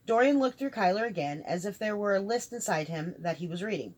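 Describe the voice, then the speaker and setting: A woman narrating a fantasy novel aloud, reading all the characters in one steady voice. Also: lowish voice, a little fast, hardly any pauses. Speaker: audiobook reader. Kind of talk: scripted narration.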